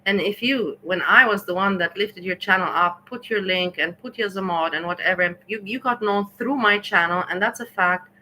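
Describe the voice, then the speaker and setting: Scolding woman streamer with a bright tone. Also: mid-range voice, brisk, hardly any pauses, a little hiss or hum, rough recording. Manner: indignant, scolding, repetitive. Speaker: livestream host. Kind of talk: ranting livestream commentary.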